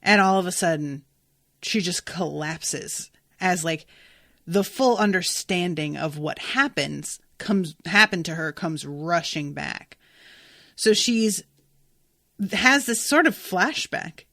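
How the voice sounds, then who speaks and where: A woman hosting a podcast, recapping a novel in a casual, animated, profane way. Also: fairly low pitch, slow pace, dry recording, clean studio sound. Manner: chatty, profane, animated retelling. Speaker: podcast host recapping a book. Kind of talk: casual book recap with read-aloud passages.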